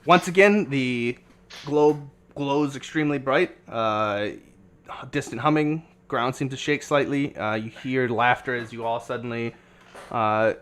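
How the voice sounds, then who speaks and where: A man narrating as game master for a tabletop game. His voice is bright and crisp at a middle pitch. He talks in a relaxed, halting way full of fillers.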